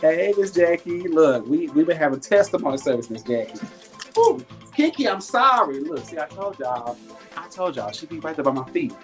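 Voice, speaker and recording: A man's voice: a little high, big pitch swings, moderate pace, soft background music. A man hosting a live stream to sell jewelry, chatting casually with viewers in a folksy, preachy, encouraging way and reading out their comments. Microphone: webcam or phone on a live stream.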